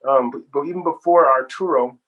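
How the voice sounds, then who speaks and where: A man with a voice on the high side for a man is a singer-songwriter guest in an interview. He tells his stories animatedly, with plenty of expression. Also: brisk, dull audio. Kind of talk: storytelling interview.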